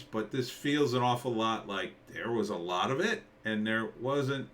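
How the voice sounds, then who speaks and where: A man in his forties from New Jersey, rambling through a casual, sardonic trailer reaction. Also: fairly bright tone. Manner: rambling, sardonic, jumps into mock-surprised high quotes. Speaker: commentator.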